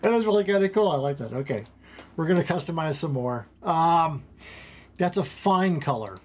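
Talking at a normal speed in a fairly high voice, a man narrates his home strategy game stream casually, wandering off topic, breaking into his own sentences, and getting worked up over little things.

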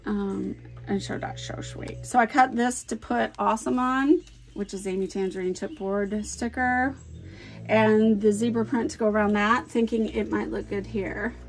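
A woman chatting casually while she works on a scrapbook layout at home. She is animated, thinks aloud and laughs often. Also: mid-range voice, normal speed. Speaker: scrapbooking vlogger. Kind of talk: casual chat while crafting.

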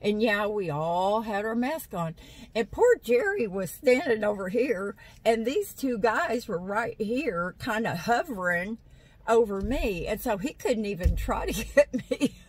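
A woman's voice: medium pitch, sing-song, measured pace, breathy edge, rough recording. A woman, chatting to her viewers from a parked vehicle, rambling through stories and laughing often. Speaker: vlogger. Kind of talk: casual chat to viewers. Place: parked vehicle in a parking lot. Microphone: phone on a stand.

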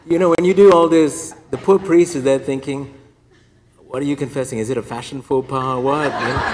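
A male priest giving a lively, humorous sermon and acting out penitents. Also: a little high. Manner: lively, joking, acts out penitents. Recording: reverberant hall, faint noise.

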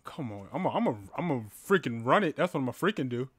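A man casually commenting on a horror game as he plays, talking to his viewers and yelling when startled. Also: medium pitch, fast, husky, no room sound. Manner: excitable, talks to viewers, yells at jump scares. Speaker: gaming channel host. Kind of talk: casual let's-play commentary. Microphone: headphones with a mic.

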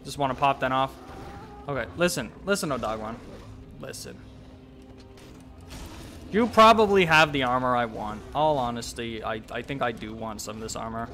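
A young man giving casual let's-play commentary, swearing and talking back to the monster, with sudden yells. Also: medium pitch, moderate pace, pauses often, faint music behind. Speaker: gameplay commentator.

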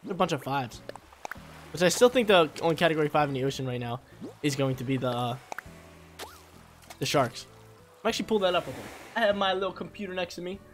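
Young male gaming host, slangy, animated, pitch all over the place, light music bed. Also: fast talker, pauses often. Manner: excitable, slangy, bursts into loud yelps. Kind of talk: casual gameplay commentary. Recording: faint music under voice.

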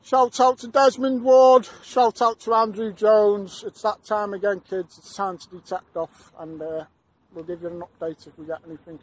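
A man chats casually on an outdoor vlog, cracking jokes with his mates. His voice sits fairly high for a man. He keeps it playful and loose. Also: steady tone, normal speed. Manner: jokey, banters with mates. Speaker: metal detecting vlogger. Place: outdoors in fields.

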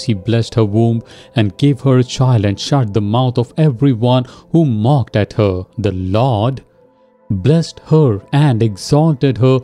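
A man delivers a devotional sermon in a deeply mellow, dark-toned voice, pleading with listeners and guiding them through prayer. His pitch sits in a middle range, and soft music plays faintly behind him. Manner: slow, pleading, rhetorical questions to listeners; gentle and earnest, leads listeners in prayer. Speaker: preacher.

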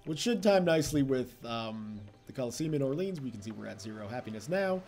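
Young male let's-play host, mellow tone, lively swinging pitch, faint music underneath. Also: a little fast. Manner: chatty, self-mocking, laughs often. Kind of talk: casual gameplay commentary.

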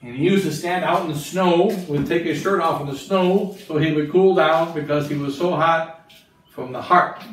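Bishop teaching nuns; quizzes the room, repeats for emphasis; big echo, distant mic. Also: male voice, a little high, a little hiss or hum. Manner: asks the listeners questions, repeats phrases for emphasis. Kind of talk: catechism talk to religious sisters. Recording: very echoey room, mic far off.

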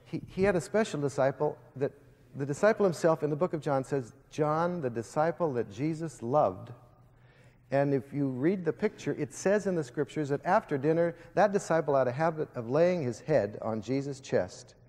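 A man delivers an emphatic, sermon-like speech, speaking straight to his audience. His voice sits a little high for a man. It rings out in a large hall with a long reverb. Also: expressive, a little fast, darkish tone. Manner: emphatic, storytelling, addresses the audience directly. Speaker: guest speaker addressing students. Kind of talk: impassioned preaching-style speech.

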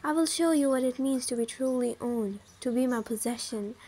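A woman voicing a possessive, domineering young male mafia husband in an audio story, reading in an even storybook manner. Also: high-pitched, normal speed, husky.

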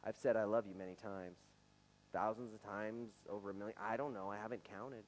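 A man's voice: on the low side, fairly even intonation, fairly quick, rough recording. A man in his forties, a pastor preaching a conversational, earnest sermon to his church, now and then stumbling over his words. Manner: conversational, earnest, with some stammered restarts. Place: church sanctuary.

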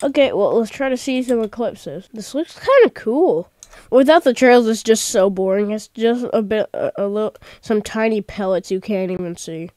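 A woman hosting a gameplay video, chatting excitedly with rambling asides into a desk microphone. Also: mid-range voice, moderate pace, no room sound, studio quality. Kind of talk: casual gameplay commentary.

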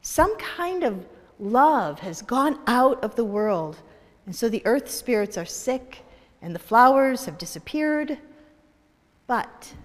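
A tiny, shabby dandelion, modest and weary, speaking softly and with a sigh, as a woman does its voice. Slow words echo in a large hall. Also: on the high side, exaggerated voice. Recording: echoey hall.

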